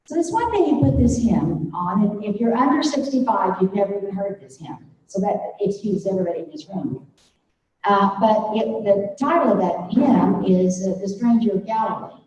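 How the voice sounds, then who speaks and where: An older woman giving an earnest, halting devotional talk to a room of faculty, growing emotional as she speaks. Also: medium pitch, expressive, a little mellow, a little hiss or hum. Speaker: speaker at a faculty development day. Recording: distant, muffled hall recording.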